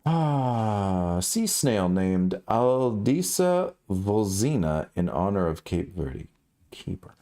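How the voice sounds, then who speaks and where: Brief: a male streamer, deep and gravelly, animated delivery, reads headlines and riffs with casual jokes. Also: takes it slowly. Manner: rambling, self-correcting, jokey. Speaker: streamer reading news. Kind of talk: casual livestream news commentary.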